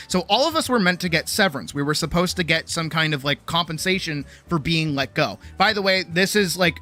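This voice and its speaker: A woman streamer telling a casual, animated story, swearing freely and acting out other people's lines. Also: on the low side. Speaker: streamer and artist.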